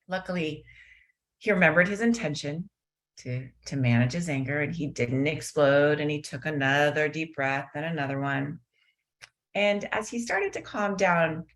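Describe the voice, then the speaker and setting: A middle-aged woman with a low, grounded voice leads a mindfulness webinar over a video call. She tells a story and then eases into a slow, gentle guided meditation. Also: lively intonation. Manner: warm storytelling, slows into soft guided meditation. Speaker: mindfulness teacher and guest speaker.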